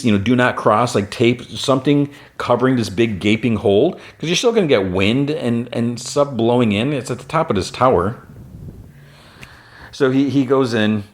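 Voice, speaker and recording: A man hosting a podcast, recapping an animated episode in a chatty, rambling way with lots of fillers and restarts. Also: mid-range voice. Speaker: podcast host.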